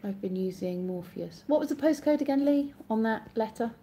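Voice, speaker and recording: Briskly and expressively, a woman from Oxfordshire, England, answers viewer comments on a live stream in casual chat, rambling and correcting herself in her English accent. Her voice is fairly high but dark in tone, with slight background noise.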